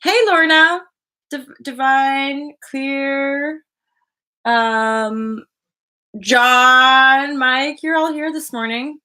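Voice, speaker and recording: Woman, live-stream host, bright, tense edge, rambling and chatty. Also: sits high, extremely slow. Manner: rambling, chatty, greets viewers by name. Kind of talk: casual live-stream chat.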